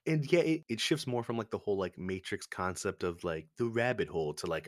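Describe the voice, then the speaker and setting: A man's voice: fairly low pitch, lively intonation, brisk, no echo, clean studio sound. A man co-hosting a podcast, chatting casually about movies, laid-back, swearing and laughing often. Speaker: podcast co-host.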